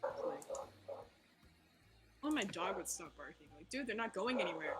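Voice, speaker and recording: A woman's voice: lowish voice, animated, normal speed, very noisy. A young woman playing a tabletop game, chatting casually, giggly and self-deprecating. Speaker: player. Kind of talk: casual chat while playing. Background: background music.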